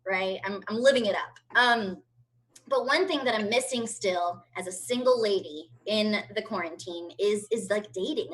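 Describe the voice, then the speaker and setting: A woman's voice: medium pitch, normal speed, a bit bright, poor audio. A woman in her thirties doing a brash, profane stand-up routine from home over a video call. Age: 30s. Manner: brash, profane, chatty storytelling. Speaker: stand-up comedian.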